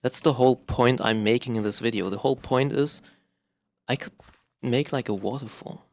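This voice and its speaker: A man's voice: medium pitch, normal speed, gravelly. A young man from Germany, a native German speaker, talking in a rambling, self-conscious vlog monologue full of fillers and restarts. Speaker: vlogger. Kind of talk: casual monologue to camera.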